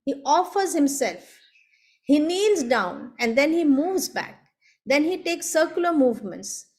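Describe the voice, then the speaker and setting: A woman delivers an academic seminar lecture with a high, light voice. She speaks slowly and deliberately, laying out each step in turn, as if over a video call. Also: sing-song, darkish tone. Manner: measured, explanatory, walks through steps one by one. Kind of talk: academic lecture on traditional performance.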